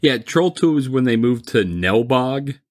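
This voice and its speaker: A man's voice: mid-range voice, expressive, a little slow. A man chatting casually about movies, rambling and mocking, laughing often.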